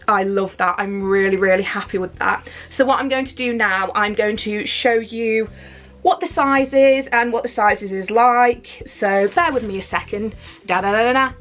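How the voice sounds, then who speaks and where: A British woman vlogger with a medium-pitched, slightly bright voice chats enthusiastically while unboxing clothes at home. She rambles, using lots of fillers, and sounds a little out of breath.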